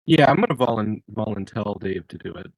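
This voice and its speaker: Husky low-voiced man at a game table. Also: expressive, fairly quick, darkish tone, no room sound, low-quality recording. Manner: asks questions, stumbles and repeats words. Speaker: player. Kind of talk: casual game table chat.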